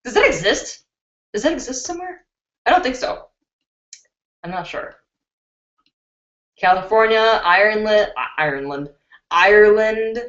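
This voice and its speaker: Excitable woman from Chicago hosting a beauty channel live stream, reads comments aloud; lo-fi webcam audio in a roomy space. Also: mid-range voice, unhurried, pauses often. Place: indoors at her computer. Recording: roomy, dull lo-fi webcam sound.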